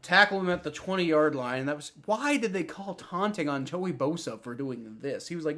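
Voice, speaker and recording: A man giving excitable live play-by-play reactions to a football game, swearing and repeating himself often. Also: on the high side, moderate pace, hardly any pauses.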